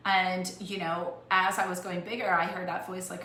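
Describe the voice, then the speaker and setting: A woman's voice: fairly low pitch, flat delivery, normal speed, pushed and bright. Earnest, emotional woman in an echoey room. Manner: earnest, emotional, repeats and restarts phrases. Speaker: life coach. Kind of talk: heartfelt motivational talk to camera. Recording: echoey room with faint noise.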